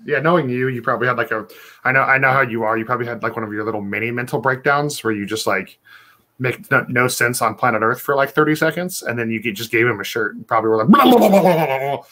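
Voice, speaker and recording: A man's voice: mid-range voice, quick pace, pushed and bright. A man hosting a casual chat, joking and swearing, with lots of "dude" and "bro". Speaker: host.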